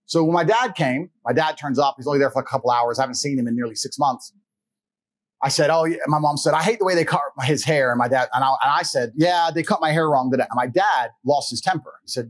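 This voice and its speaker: A man's voice: mid-range voice, fast talker, dry recording, poor audio. A man telling a personal story in casual conversation, blunt and profane, acting out the people he quotes. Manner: blunt, profane, animated retelling with voiced quotes. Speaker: guest.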